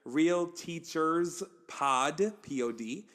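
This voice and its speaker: Brief: woman co-host, very low pitch for a woman, supportive listener, short reactions. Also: extremely slow. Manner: brief supportive reactions, soft sympathetic interjections. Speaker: podcast co-host, teacher. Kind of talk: casual podcast chat.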